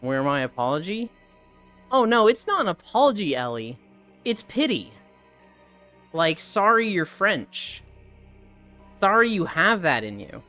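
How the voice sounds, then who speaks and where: A livestreamer chatting casually with viewers, with a very lively pitch that swings up and down. They act out stories, voice the quoted friends and drop in playful curses and laughs. Faint music plays underneath. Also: unhurried, pauses often. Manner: animated storytelling, acting out quoted friends, laughs often; casual, swears, quips. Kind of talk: casual chat with stream viewers.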